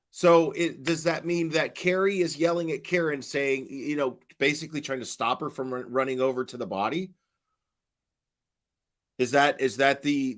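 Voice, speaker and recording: A man giving casual livestream commentary, halting and repeating words as he questions and answers his chat. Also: medium pitch, a bit bright. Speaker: online commentator.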